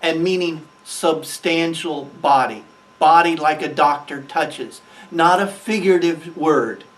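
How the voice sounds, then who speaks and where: A man's voice: on the high side, measured pace, distant mic, low-quality recording. A man co-hosting a reaction show, speaking in a defiant way with the emphasis of a preacher. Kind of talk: casual commentary reacting to a sermon.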